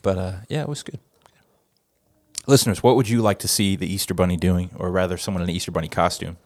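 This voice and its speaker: A man's voice: sits low, steady tone, fast, a little mellow, no room sound, clean studio sound. A man hosting a casual podcast chat, laid-back and laughing between phrases. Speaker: podcast host.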